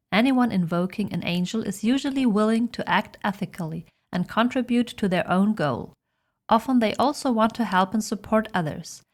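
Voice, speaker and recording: A woman with a mid-range voice narrates a scripted explainer. Her delivery is measured and dramatic, like a storyteller. The reading is even and deliberate. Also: medium pitch.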